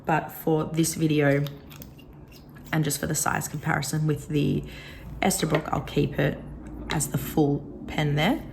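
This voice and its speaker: A woman with a slightly rough, coughing throat, chatting casually as she reviews a pen. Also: low-pitched, flat delivery, a little slow, long pauses, slight background noise. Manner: chatty, rambling, softly admiring. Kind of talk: casual product review vlog.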